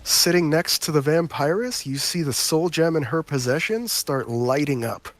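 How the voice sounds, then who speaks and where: Man slowly narrating as game master. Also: fairly high pitch, animated.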